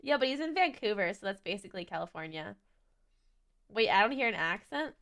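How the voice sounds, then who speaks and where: A woman's voice: medium pitch, very animated, brisk, a bit bright. A young adult woman streaming, chatting casually as she reacts to a video, giggly and rambling with lots of "like" and restarts.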